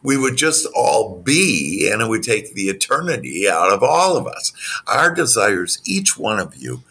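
Deep gravelly man coaching with animation. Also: a little slow. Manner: animated, acts out quoted dialogue in a higher voice; spiritual self-help phrasing. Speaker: business coach. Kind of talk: motivational interview answers.

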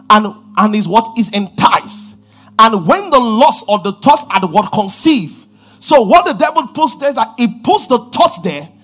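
A man preaching a sermon, swinging from shouted lines to low murmurs as he reads and explains scripture. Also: husky.

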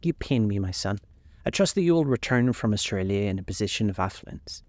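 A man's voice: lowish voice, expressive, fairly quick, dry recording, lightly acted. A man voicing a faded older actress and mother with a fussy, theatrical manner. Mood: sorrowful.

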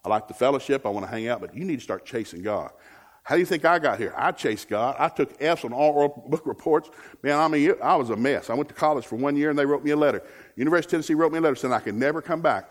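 A man preaching a lively, joking sermon as a guest speaker, with a husky voice. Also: medium pitch.

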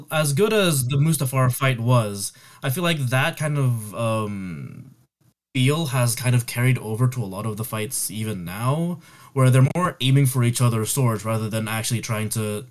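A man in a casual group chat, explaining his view in a thoughtful, measured way with some hesitations. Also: medium pitch.

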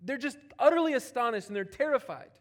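Male pastor, higher voice, animated sermon delivery, casual asides, big swings between loud and soft. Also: fast. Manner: animated, swinging from loud emphatic preaching to quiet near-whispers; conversational, with casual asides and playful quoted voices.

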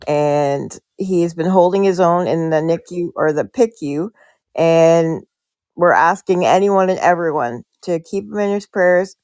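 A woman's voice: fairly low pitch, a little slow, darkish tone, dry recording. Older woman from Canada, casual podcast chatter, laughs at herself, close dry mic. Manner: laughs at herself while telling stories.

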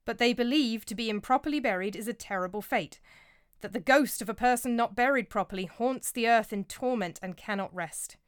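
A woman reading the lines of a commanding middle-aged king who gives curt, sharp orders in a storybook tale. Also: a little high, fairly quick, clear, resonant tone, no echo, studio quality, natural voice. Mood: stern.

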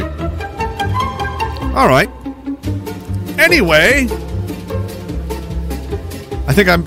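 Profane, rambling livestream host. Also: male voice, fairly high pitch. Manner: profane, rambling, quick to flare up. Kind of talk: casual livestream rant.

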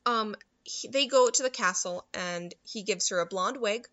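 Woman, casual recap co-host, lively quoting, dull-toned dry recording. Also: mid-range voice, no echo. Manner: animated retelling with quick character quotes. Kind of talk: casual chat recapping a movie.

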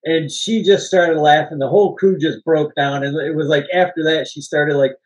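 A man's voice: fairly high pitch, fairly even intonation, moderate pace, highs cut off. A man co-hosting a casual movie podcast, telling rambling behind-the-scenes stories, laughing often and swearing now and then. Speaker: podcast co-host. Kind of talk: casual movie-discussion chat.

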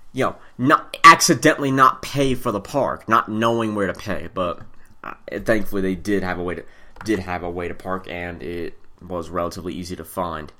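A young man casually telling a rambling story, often correcting himself mid-sentence and going off on side remarks. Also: medium pitch. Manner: rambling, self-correcting, animated asides. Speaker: storyteller recounting a trip.

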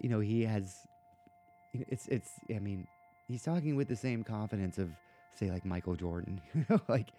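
A low-pitched man with a mellow, relaxed tone talks casually about a book as a podcast host. He rambles and restarts, filling gaps with "you know" and "um." Faint music sits behind him.

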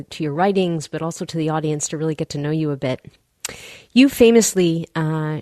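A woman hosting an interview, asking measured, appreciative questions. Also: deep voice, a little mellow, no room sound, clean studio sound. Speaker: interviewer host.

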